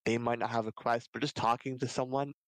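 A man's voice: mid-range voice, fairly even intonation, a little fast, fairly bright tone, dry recording, rough recording. A man chatting on a podcast as a game master, explaining eagerly with many fillers. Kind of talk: casual chat.

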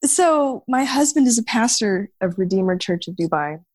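A woman's voice: a little high, lively intonation, normal speed, a little mellow, dry recording. Chatty woman guest, morning voice. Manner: chatty, laughs often, restarts words. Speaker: podcast guest. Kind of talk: casual conversation.

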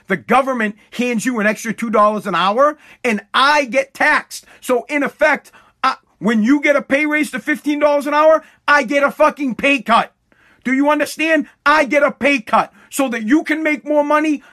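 A man with a high, bright voice delivers a heated opinion rant straight to camera. He swears freely and hammers every point home by saying it again. He sounds like a business owner with no patience left. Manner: profane, blunt, repeats his points for emphasis.

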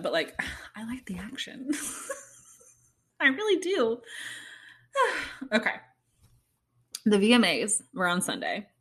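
A young woman talks casually to her viewers in a gushing, excitable way. Her speech is loose and full of fillers. Now and then it jumps into high squeals of delight. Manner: gushing, excitable fan talk with many "like"s and sudden squeals. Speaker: vlogger. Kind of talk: casual chat to camera.

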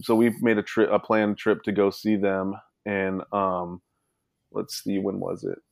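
A man telling his family story as a guest in a casual interview, rambling with many fillers and animated retelling. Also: deep voice, unhurried, creaky, no echo, clean studio sound. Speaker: guest, son.

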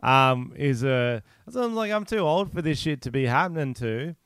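Smooth-voiced joking New Zealand guy. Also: mid-range voice, lively intonation, normal speed, a bit bright, no room sound, studio quality. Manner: joking, rambling storyteller. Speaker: podcast co-host. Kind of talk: crude casual podcast banter.

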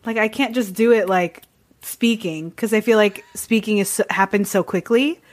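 A woman's voice: medium pitch, normal speed. A woman co-hosting a casual chat show, talking in a loose, filler-heavy way and laughing a lot. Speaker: podcast co-host.

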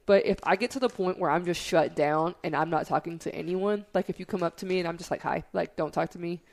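Woman, podcast co-host, candid storyteller, gravelly fry, low voice. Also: quick pace, darkish tone. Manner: candid, storytelling with quoted asides. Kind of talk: casual podcast chat.

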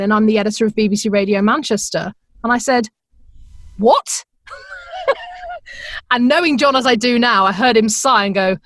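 A middle-aged woman, a radio presenter, telling her career story in a chatty, animated way, laughing often and acting out the voices she quotes. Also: fairly high pitch, dry recording, clean studio sound. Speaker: podcast guest, radio presenter. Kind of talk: conversational storytelling.

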